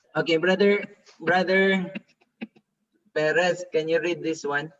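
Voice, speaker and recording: A man's voice: fairly high pitch, steady tone, slow, fairly bright tone. A man, a pastor, teaching a Hebrew reading class and patiently drilling pronunciation with repeated examples, heard on a distant, dull classroom recording. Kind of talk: classroom lesson.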